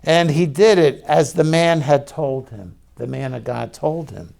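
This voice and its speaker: A pastor delivers a sermon in a relaxed, conversational way, his fairly high voice showing some vocal fry. He speaks slowly, pauses to ask his listeners questions, and talks openly about his own struggles.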